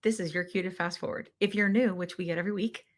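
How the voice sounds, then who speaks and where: A woman hosting a casual podcast chat, upbeat and talkative, with frequent ums. Her voice sits a little low for a woman. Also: steady tone, fast. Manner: upbeat, chatty, with filler ums. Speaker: podcast host.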